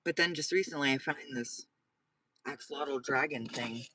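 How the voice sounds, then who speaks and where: A man's voice: medium pitch, normal speed, sharp tone, no room sound, far from the mic. A man livestreaming from inside the car he lives in at night, rambling and repeating himself as he chats with viewers. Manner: rambling, repeats himself, talks to live chat. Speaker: vlogger living in his car. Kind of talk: casual livestream chat with viewers.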